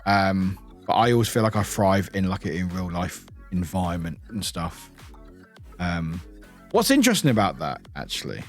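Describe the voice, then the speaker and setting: A young British man in casual stream chatter, his pitch bouncing lively up and down as he laughs and swears. He talks straight to his viewers and shouts them out by name. Faint music plays underneath. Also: moderate pace. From United Kingdom. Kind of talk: casual live-stream chat.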